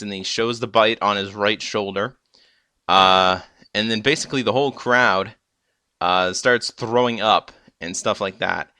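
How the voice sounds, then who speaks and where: A young man chats through a TV episode recap, stumbling over restarts and fillers as he goes. His voice sits low yet comes across bright and forceful. The sound is dry and close, with no room around it. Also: normal speed, dry recording. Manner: rambling, many fillers and restarts. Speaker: episode reviewer. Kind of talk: casual recap.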